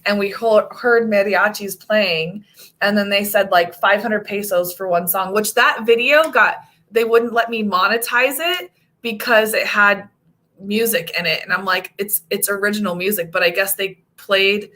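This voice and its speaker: An American woman in her thirties chats on her vlog, telling stories with animated, high-pitched quoted lines. Her voice is bright and clear, and her talk is easygoing. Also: normal speed. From United States. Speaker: vlogger. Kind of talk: casual chat.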